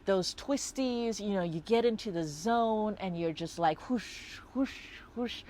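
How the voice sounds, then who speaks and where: Slow, reflective woman vlogging. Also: medium pitch, darkish tone, a little hiss or hum. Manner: reflective, rambling with many fillers. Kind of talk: casual personal vlog.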